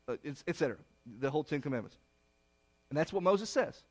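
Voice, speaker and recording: A man with a high voice delivers a sermon. He tells the story with drama, punching some words loudly and dropping others to a near hush. He asks the congregation questions and answers them himself. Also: animated, brisk. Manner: dramatic, swings between loud emphasis and hushed lows. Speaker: preacher.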